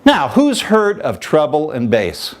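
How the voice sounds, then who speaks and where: Animated male vocal coach. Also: on the high side, takes it slowly. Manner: animated, demonstrative, conversational teaching. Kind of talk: instructional talk with vocal demonstrations.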